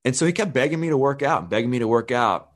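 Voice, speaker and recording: A man's voice: mid-range voice, lively intonation, fast talker. A man in his thirties, a fitness trainer, candidly telling his life story in a plain-spoken way and acting out the dialogue he quotes.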